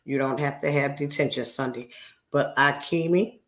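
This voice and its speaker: This sixty-something livestreamer chats casually with her viewers, brashly teasing and scolding them with plenty of profanity. Her voice is very deep, her pace moderate, and there's a roomy echo on the recording.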